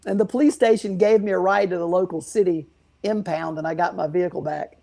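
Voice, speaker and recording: A man being interviewed who owns a guitar shop and tells loose, meandering anecdotes. He stops often for fillers, and his voice has a steady gravelly rasp. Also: sits high, a little fast. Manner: rambling, many fillers and restarts. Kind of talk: casual storytelling interview.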